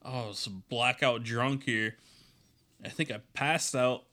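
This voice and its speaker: A man's voice: mid-range voice, steady tone, unhurried, sharp tone. A man co-hosting a podcast, telling a rambling, crude story in casual chat and laughing at it. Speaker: podcast co-host.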